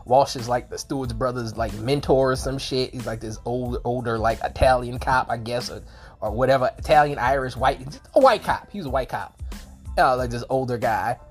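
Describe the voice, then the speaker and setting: A woman with a very low voice and a sore throat reviews a film in a loose, rambling way. She swears casually and trips over her own sentences. Faint music hums behind her. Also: normal speed. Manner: rambling, swears freely, frequent restarts and laughs. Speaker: movie reviewer.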